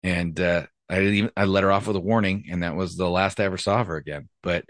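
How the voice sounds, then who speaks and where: A man's voice: low-pitched, steady tone, fast, dry recording. A man, a former police officer, telling a story from his career in a blunt, profane, casual way. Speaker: retired police officer, podcast host.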